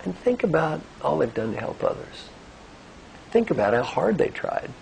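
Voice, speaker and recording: A man's voice: on the high side, normal speed, gravelly, slight background noise, poor audio. An older man giving a motivational talk as a coach, guiding listeners through breathing and telling stories. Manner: animated storytelling, gentle coaching. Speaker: executive coach. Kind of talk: motivational talk with guided exercise.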